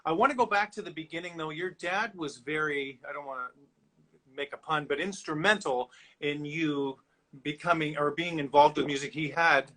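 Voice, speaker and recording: Male host, bright higher voice, enthusiastic, chatty interview chat. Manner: enthusiastic, quick to praise, chatty.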